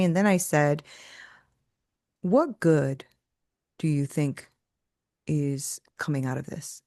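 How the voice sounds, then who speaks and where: A woman's voice: no room sound, studio quality. Emphatic woman giving preachy faith talk. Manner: emphatic and preachy, with frequent "right?" tags; acts out quoted voices with big pitch jumps. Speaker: faith coach, podcast guest.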